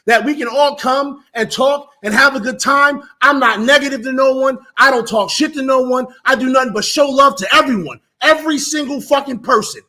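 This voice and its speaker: A man's voice: extremely high pitch, a little fast, hardly any pauses, bright, forceful tone. A man co-hosting a casual sports talk stream, talking emphatically with lots of repetition and swearing. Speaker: co-host.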